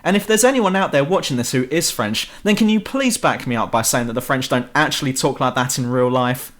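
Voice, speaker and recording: Brief: young British guy ranting about a game, sarcastic and sweary, animated intonation, home-mic voice-over. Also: mid-range voice, brisk. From Britain. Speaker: game reviewer. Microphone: home computer mic.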